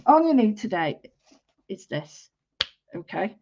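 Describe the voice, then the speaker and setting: A woman's voice: medium pitch, big pitch swings, slow pace, a little mellow, dull audio, slight background noise. A woman with a Manchester accent hosting a chatty live-stream drawing lesson, rambling along and greeting viewers by name. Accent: Mancunian. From Manchester, England.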